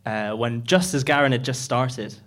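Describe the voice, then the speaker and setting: A man with a Northeast Scottish accent, guesting on stage at a live show. He answers in short, dry, easygoing lines at a mid pitch. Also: moderate pace, a bit bright. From Northeast Scotland. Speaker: guest from the audience. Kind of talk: on-stage chat. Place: theatre stage before a live audience.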